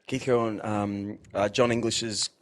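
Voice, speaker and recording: A man's voice: fairly low pitch, level tone, measured pace. A man hosting a podcast, rambling casually with many fillers and restarts. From Australia. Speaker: podcast host.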